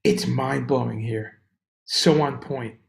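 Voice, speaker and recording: A man hosting a casual livestream chat, rambling and animated as he greets viewers by name. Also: mid-range voice, slow, gravelly. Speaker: livestream host. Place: room on tour abroad. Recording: echoey room.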